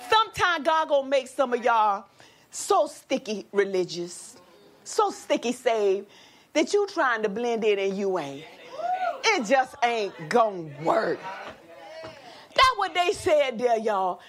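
Animated high-pitched woman preaching. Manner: animated call-and-response preaching, drawn-out exclamations. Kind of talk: sermon.

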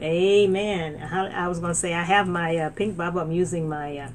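A middle-aged woman preaching from a laptop setup, her voice pitched a little low for a woman. She talks loosely with fillers and restarts, then rises into excited outbursts. A faint hiss of noise sits behind her. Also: moderate pace. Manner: animated preaching with many fillers and restarts, rising to exclaim. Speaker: minister. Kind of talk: sermon.

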